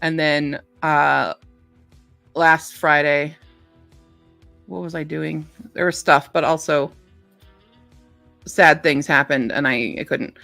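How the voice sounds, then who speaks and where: Chatty woman book streamer, lowish voice. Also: fairly even intonation, unhurried, vocal fry, long pauses, a bit bright, no echo, soft background music. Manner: chatty, reads book blurbs aloud. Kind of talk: casual livestream chat.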